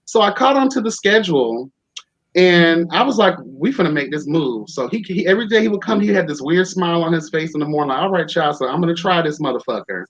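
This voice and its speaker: A man's voice: fairly high pitch, expressive, fast. A young man casually telling a story on a talk show, campy and sassy, profane, calling everyone child and honey. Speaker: podcast host. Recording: dull lo-fi sound.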